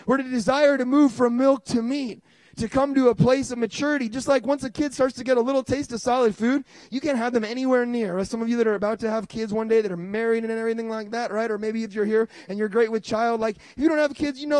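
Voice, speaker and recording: A man in his thirties preaching a sermon as pastor, telling stories with lively restarts and bursts of excitement. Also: extremely high pitch, no room sound. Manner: animated storytelling with many restarts.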